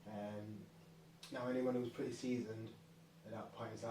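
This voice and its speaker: A man's voice: lowish voice, flat delivery, normal speed, warm tone. A man explaining his ideas casually, rambling with many fillers and restarts. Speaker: channel host. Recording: echoey room, distant mic, faint noise.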